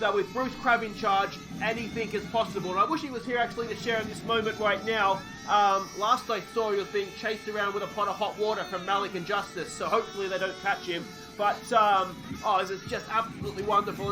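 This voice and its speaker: An Australian man calls his baseball game like a live broadcast, pleading with his players and celebrating loudly. His voice sits high and sounds bright and forward. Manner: emotional play-by-play, shouting at players. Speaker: let's play gamer and commentator. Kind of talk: excitable baseball game commentary.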